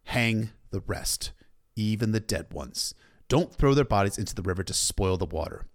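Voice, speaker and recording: A man voicing a stern young king who speaks in a measured, commanding way. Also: fairly low pitch, animated, natural voice.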